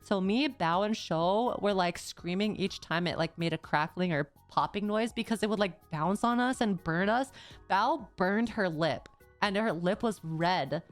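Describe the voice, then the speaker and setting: A woman's voice: medium pitch, unhurried, faint music behind. A young woman streamer chatting casually and rambling as she recaps a trip, full of "like" and slang. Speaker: VTuber streamer.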